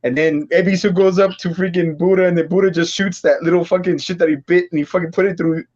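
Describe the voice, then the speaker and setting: A man with a fairly high voice retells an anime episode in loose, profane, restart-filled chat. The audio is slightly dull and muffled, like a livestream feed. He talks to his co-hosts as a regular of the show. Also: steady tone, fast, a little mellow. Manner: rambling, profane storytelling with many restarts. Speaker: podcast host. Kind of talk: casual chat recapping an anime.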